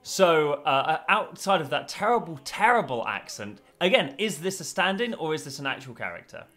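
A man hosts a loose, joking discussion, his voice bright and clear and sitting a little high for a man. He talks in a chatty way and fills his pauses with plenty of uhs. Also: big pitch swings. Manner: chatty, many uh fillers, joking. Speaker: host. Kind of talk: casual recorded discussion.

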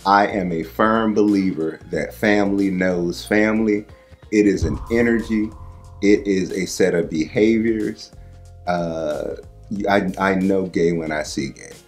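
A man's voice: sits low, measured pace, soft background music. A man giving comedic commentary to camera in a confident, declarative way, chuckling between lines. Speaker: cast member.

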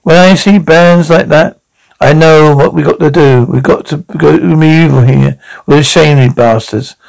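Gravelly man in sitcom banter. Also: a little high, fairly even intonation, moderate pace, darkish tone, low-quality recording. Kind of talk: sitcom dialogue.

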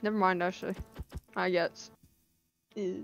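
Excitable slangy gamer woman. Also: on the low side, unhurried, vocal fry, soft background music. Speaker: teammate. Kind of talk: casual gaming chat with friends.

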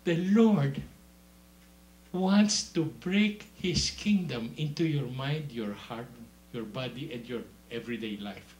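This preacher takes his sermon slowly but animatedly, shifting from soft, low-pitched asides to loud, high-pitched outbursts and laughing through his stories. The recording is reverberant.

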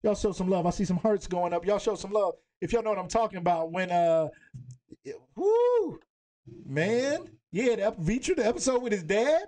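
A man with a fairly high voice hosts a live-streamed virtual game night. He is animated and talkative, reading out the questions and calling out to viewers by name. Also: a little fast, few pauses. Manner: animated, chatty, giving shout-outs to viewers.

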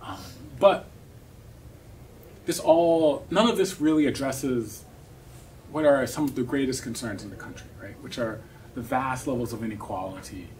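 A man giving an academic seminar talk, explaining in a thoughtful way with many pauses and tag questions. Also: medium pitch, darkish tone. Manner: thoughtful, explanatory, frequent "um" and "right?". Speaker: academic speaker. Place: seminar room. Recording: distant mic with faint noise.

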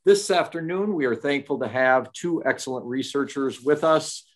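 A man moderating a medical webinar, giving formal introductions of the speakers in a measured way with some fillers. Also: medium pitch. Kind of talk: scripted introduction.

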